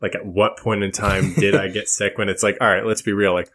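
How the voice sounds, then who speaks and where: Man, low pitch, slightly stuffy, casual rambling podcast chat. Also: flat delivery, brisk, fairly bright tone. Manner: chatty, joking, rambling. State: a bit stuffy. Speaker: podcast co-host.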